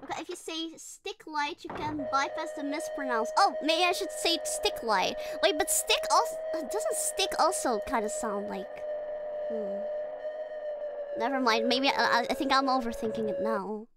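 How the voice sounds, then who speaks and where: Jumpy high-voiced woman streamer. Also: animated, normal speed, loud music behind the voice. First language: not English. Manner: jumpy, nervous, chatty, swears when startled. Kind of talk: live horror game playthrough.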